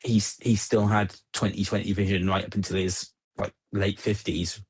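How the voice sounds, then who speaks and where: Caller, middle-aged English man with an Oxfordshire accent, husky voice, stumbles and restarts. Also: low-pitched, little pitch movement, normal speed. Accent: Southern English, Oxfordshire. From Southern England. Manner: repeats words, restarts, chuckles often. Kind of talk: casual chat.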